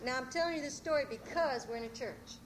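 A woman telling folk tales live to an audience in a church, animated and drawling. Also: high voice, quick pace, very noisy. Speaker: storyteller.

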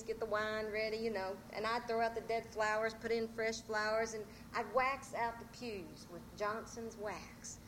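Animated woman storyteller. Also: fairly high pitch, slight background noise. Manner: animated, drawling, talks to audience. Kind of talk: live folk storytelling. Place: church, live audience.

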